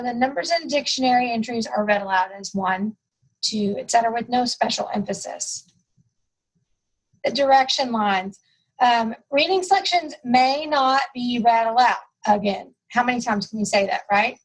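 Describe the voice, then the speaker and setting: A woman leading a staff training session, reading rules from a testing manual in a steady instructional way and repeating key points. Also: on the high side, poor audio. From United States. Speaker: test administration trainer.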